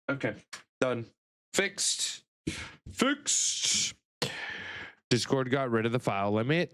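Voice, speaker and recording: A man's voice: mid-range voice, fairly bright tone. A man streaming live, chatting casually with his chat and cooing playfully over pet pictures in baby talk.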